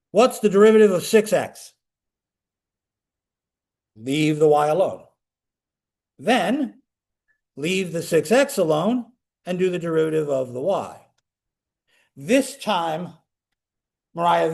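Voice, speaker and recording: High-voiced man lecturing a class. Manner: animated, talks students through steps with questions. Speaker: calculus lecturer.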